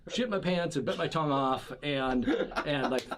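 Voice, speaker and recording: A man's voice: on the high side, moderate pace, a bit bright, slight background noise. A man from Wisconsin, a podcast guest, telling a self-mocking story in casual chat, swearing freely. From Wisconsin, USA.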